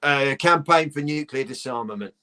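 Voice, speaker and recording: Posh middle-aged English comedian telling anecdotes. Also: male voice, mid-range voice, moderate pace, smooth. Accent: posh southern English. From London. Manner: lively storyteller, swearing freely, laughing mid-sentence. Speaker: guest comedian. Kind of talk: casual chat, telling anecdotes.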